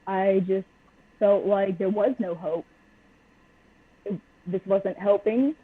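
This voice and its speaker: Young woman guest, husky and frank, heard over a tinny phone-like line. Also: medium pitch, takes it slowly, no echo. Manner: blunt and open. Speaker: podcast guest. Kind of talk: candid personal interview.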